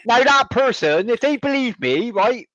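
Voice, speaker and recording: A man's voice: extremely high pitch, measured pace, no room sound. Sweary man, dull dry sound. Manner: blunt, sweary, animated storyteller. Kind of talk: casual chat.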